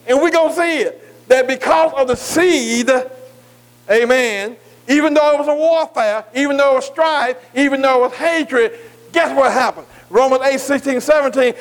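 A man preaching a sermon, who keeps asking his listeners "am I right?" and slowly spells out key words letter by letter. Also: very high-pitched, low-quality recording. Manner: asks the congregation "am I right?" again and again.

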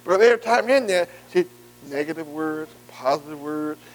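High-voiced man preaching conversationally. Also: expressive, moderate pace, poor audio. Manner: repetitive "see" and "am I right", engaging the room; folksy, informal grammar. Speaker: bible study teacher.

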